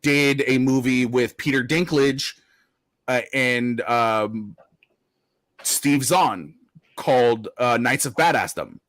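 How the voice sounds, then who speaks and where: A man's voice: mid-range voice, slow pace, a bit bright, dry recording. A man talking in a casual chat, rambling with lots of fillers, restarts and swearing.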